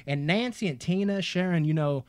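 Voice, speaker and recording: Brief: Kentucky man, podcast host, slightly high voice, dry close sound, swears a lot, excitable. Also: moderate pace, smooth, dry recording. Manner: profane, excitable, calls listeners dude. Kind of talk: casual movie-review podcast chat.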